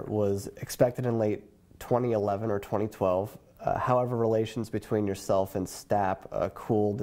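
Mellow low-voiced male interviewer. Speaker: interviewer host. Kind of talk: interview questions.

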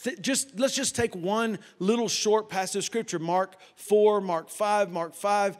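A middle-aged man preaching a sermon as a folksy, animated storyteller who drops to a hush for quoted voices. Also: high-pitched, a little slow. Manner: folksy, animated, with loud sound effects and hushed quoted voices. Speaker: pastor.

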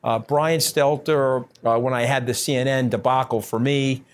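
A man answering interview questions bluntly and combatively, brash and scathing, talking in quick bursts with many fillers. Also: mid-range voice, fairly even intonation, slight background noise. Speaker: interview guest.

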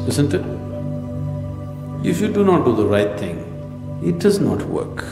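A spiritual teacher gives a talk in a gravelly, mid-range voice, posing rhetorical questions and slipping in joking asides. The recording comes from a reverberant hall with soft music in the background.

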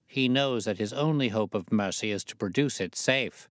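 Sherlock Holmes, crisp and self-assured, read by a man. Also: lowish voice, moderate pace, no echo, studio quality, natural voice. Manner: crisp, confident, faintly amused. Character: sharp, self-assured male detective.

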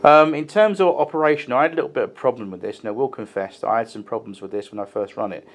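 A man's voice: mid-range voice, fast talker. A man reviewing a model locomotive in a casual, chatty way, with frequent ums and restarts as he explains details hands-on.

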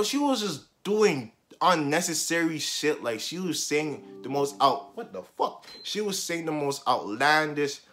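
A young man telling a story from his school days in a casual vlog, animated and full of slang and swearing, jumping between loud outbursts and muttered asides. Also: fairly high pitch.

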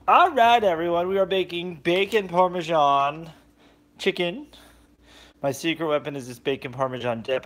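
Chatty man live-streaming his cooking. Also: on the high side. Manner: chatty, greets viewers by name, animated bursts. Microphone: phone on a selfie stick.

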